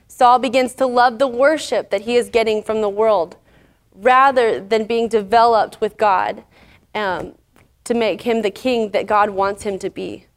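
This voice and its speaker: A woman with a fairly high voice teaches a casual Bible lesson. She retells the story in her own chatty words and fills the pauses with "um". It sounds relaxed and conversational. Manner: chatty, paraphrasing the story with fillers.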